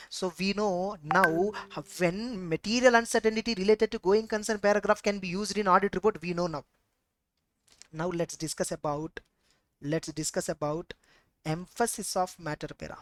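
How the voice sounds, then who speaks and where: A woman's voice: mid-range voice, a bit bright, no room sound. A woman with an Indian English accent teaching an exam-prep lecture, repeating points and asking herself rhetorical questions.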